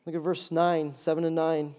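A male pastor preaching a lively sermon, acting out little voices and jokes to make his points. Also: fairly high pitch, normal speed, smooth. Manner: animated, acts out voices and jokes.

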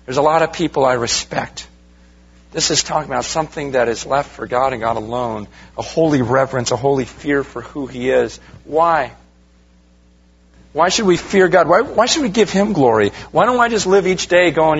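This pastor addresses his congregation as "you guys," keeping his sermon conversational with plenty of rhetorical questions and direct appeals. He speaks at normal speed in a slightly high, husky voice, and the recording is dull and lo-fi.

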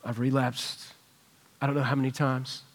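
A man's voice: mid-range voice, little pitch movement, normal speed. A man preaching a sermon in a church, conversational and earnest as he retells a personal story. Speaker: pastor. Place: church sanctuary.

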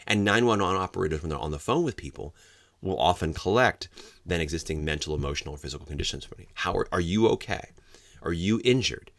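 A man's voice: deep voice, creaky, dry recording. A middle-aged man lecturing law enforcement on the hearsay rule, explaining step by step and acting out the examples he quotes. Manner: explanatory, acts out quoted examples with sudden loud outbursts. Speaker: legal trainer for law enforcement.

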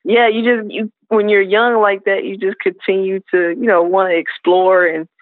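A woman from South Carolina, a hip hop artist guest, telling stories in a relaxed, rambling way with many fillers. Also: mid-range voice, normal speed, no room sound. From South Carolina, USA. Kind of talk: casual interview storytelling. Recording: tinny phone-line sound, dry.

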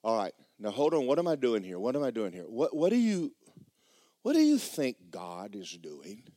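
A male preacher telling a story in a folksy, animated way, often repeating words. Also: mid-range voice, moderate pace, dry recording, studio quality. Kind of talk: storytelling sermon.

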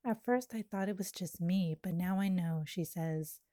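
A woman reading her own poem aloud in a slow, lyrical and intimate way. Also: on the low side, dark tone. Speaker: poet. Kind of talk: poetry reading.

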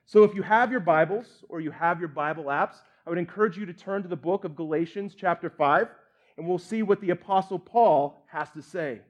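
High-voiced male pastor preaching. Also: a little fast, dull audio. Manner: earnest, candid, lightly joking. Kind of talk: sermon.

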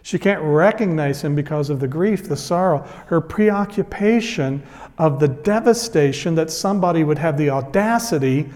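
Male pastor, slightly high voice, earnest storytelling sermon, long hall reverb. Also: normal speed, a little mellow.

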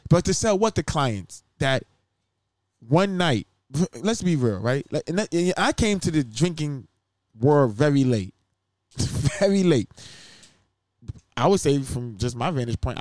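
A man co-hosting a podcast in casual chat, animated and profane, often acting out what other people would say. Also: medium pitch, measured pace, no room sound, studio quality. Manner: animated, profane, acts out quotes in other voices. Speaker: podcast co-host.

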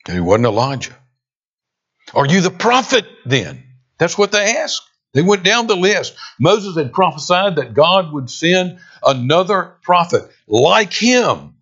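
A man preaching a sermon, expressive, with dramatic pauses and emphatic quoted lines. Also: high-pitched. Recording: dull lo-fi sound.

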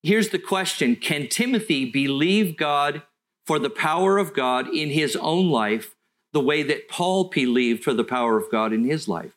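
A middle-aged man, preaching a sermon in an earnest storytelling way that slows for emphasis. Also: fairly high pitch, lively intonation, a bit bright. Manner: earnest, storytelling, with slow deliberate stretches. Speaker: pastor.

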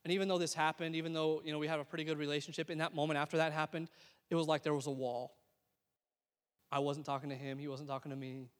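A young male preacher telling a story in a sermon. He swings between hushed moments and excited bursts in a high voice. A long reverb from the hall trails behind him. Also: fast.

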